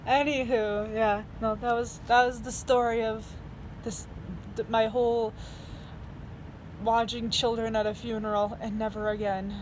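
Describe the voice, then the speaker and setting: Chatty woman in her twenties, casual storyteller who laughs and swears, quiet hum behind. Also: mid-range voice. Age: 20s. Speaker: vlogger.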